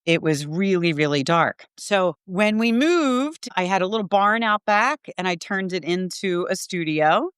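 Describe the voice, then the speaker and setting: A woman's voice: on the low side, animated, a little slow, hardly any pauses, smooth, no room sound, clean studio sound. A middle-aged woman, a Reiki teacher and podcast guest, telling a personal story in an earnest, heartfelt way with lots of "like".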